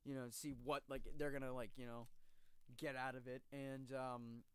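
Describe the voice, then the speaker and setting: A man co-hosting a podcast in casual chat, retelling stories with lively energy and plenty of swearing. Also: medium pitch, moderate pace, smooth, no room sound. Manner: animated storyteller, swears freely. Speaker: podcast co-host.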